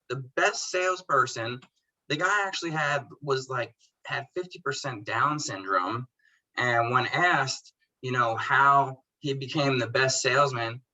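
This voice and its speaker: Guy on a podcast telling stories, super bright sharp voice, acts out the back and forth, says bro a lot. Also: mid-range voice, poor audio. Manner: animated storyteller who acts out both sides of conversations; laid-back slang, calls people bro and dude. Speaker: podcast guest, detailing business owner. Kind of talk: casual interview chat.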